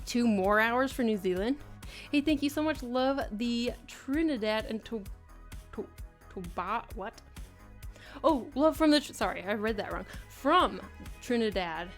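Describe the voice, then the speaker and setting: An American woman chats casually on a live stream, reading chat messages aloud and laughing often, with faint music playing behind her. Her fairly high voice has lively intonation and a measured pace.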